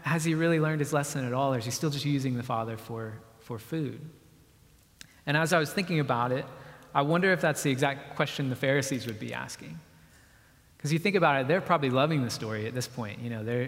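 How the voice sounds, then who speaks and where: A man's voice: medium pitch, fairly bright tone. A man preaching a sermon in a conversational, explanatory way, sometimes acting out quotes. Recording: long reverb of a hall.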